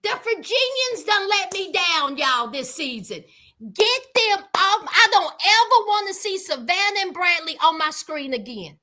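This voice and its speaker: A woman's voice: very high voice, very animated, unhurried, pushed and bright. A woman hosting a reality TV recap in casual commentary, sassy, gossipy and emphatic, repeating phrases for effect.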